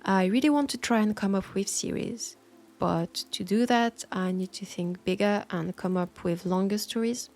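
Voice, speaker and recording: A woman with a French accent, an audio roleplay creator answering listener questions in a thoughtful, soft-spoken way with hesitant pauses. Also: mid-range voice. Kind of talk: Q&A talk.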